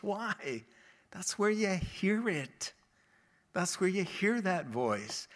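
A man preaching a sermon, telling Bible stories with lively acted quotes and laughing along the way. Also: high voice, slow.

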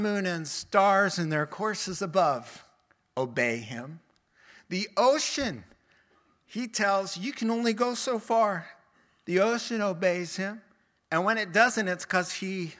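High, bright-voiced preacher, animated. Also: male voice. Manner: animated, acts out the quotes he tells; conversational, plain-spoken. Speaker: pastor. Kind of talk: sermon.

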